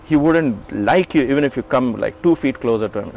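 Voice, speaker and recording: Brisk and creaky, the mid-range voice of a man in his forties comes through with slight background noise as he recounts memories in an interview. He brings the stories to life by acting out what people said, with chuckles and restarts mixed in.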